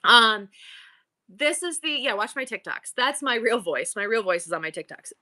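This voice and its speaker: A middle-aged woman hosting an online live-selling stream has a slightly high, animated voice, bright and forceful, at a moderate pace. Her casual chat rambles playfully, bubbly and pitched in an exaggerated customer-service voice.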